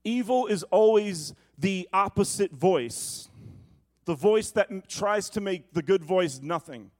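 A man with a notably high-pitched voice delivers a sermon as pastor. He swings from emphatic, proclaiming lines to hushed, wry asides to the room. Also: expressive, slow. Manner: preaching, shifting from booming to hushed asides.

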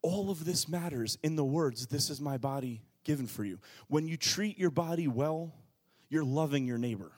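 A man in his thirties preaching from the pulpit with a slightly high voice. He swings between quiet, earnest passages and loud, playful bursts as he acts out little scenes for his congregation. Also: moderate pace. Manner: animated preaching, shifting from hushed to shouted, acts out quotes. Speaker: pastor. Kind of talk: sermon.

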